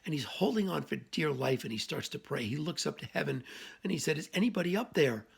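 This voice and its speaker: A man giving a short daily reflection as a campus minister, telling a joke and then gently urging listeners to pray from the heart. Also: a little high, lively intonation, brisk, creaky, slightly rough. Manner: folksy joke-telling then earnest exhortation.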